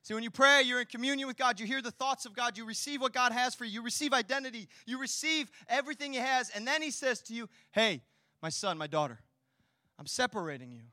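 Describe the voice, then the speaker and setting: A man preaching a sermon as pastor, swinging between hushed, intimate lines and loud, rousing ones, with chatty asides and rhetorical questions. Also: very high voice, steady tone, quick pace, hardly any pauses, dry recording, studio quality.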